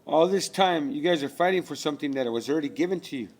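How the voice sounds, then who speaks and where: A man's voice: on the high side, animated, fast, a little mellow. A man delivering a rambling spiritual rant, profane and preachy, full of rhetorical questions.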